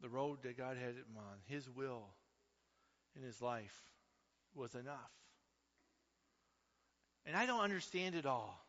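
A man preaching with a bright, forceful edge to his voice, moving from loud declarations down to hushed asides. He sounds dull and lo-fi, carried by a long reverb that trails off each phrase as if he is in a large hall. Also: mid-range voice, lively intonation, slow pace, long pauses. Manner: impassioned, swinging from loud to hushed. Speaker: pastor. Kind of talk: sermon.

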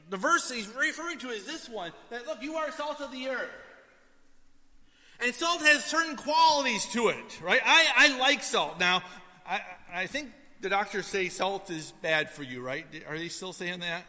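High-voiced, bright male pastor preaching. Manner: conversational preaching, frequent "right?" asides, swings from hushed to loud. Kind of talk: sermon. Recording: hall reverb.

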